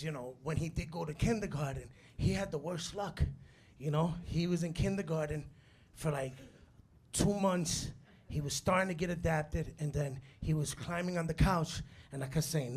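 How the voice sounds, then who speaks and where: A man doing a live stand-up set, telling stories with animated bursts of shouting and Spanish phrases mixed in. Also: on the high side, slight background noise. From Latino background. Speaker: stand-up comedian. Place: comedy club stage. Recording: live club with loud crowd laughter. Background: audience laughter.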